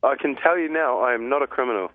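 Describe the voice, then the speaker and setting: A man's voice: mid-range voice, quick pace, dry recording. A man on a phone call, pleading and swearing in distress. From New Zealand. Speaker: prank call victim. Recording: tinny phone line.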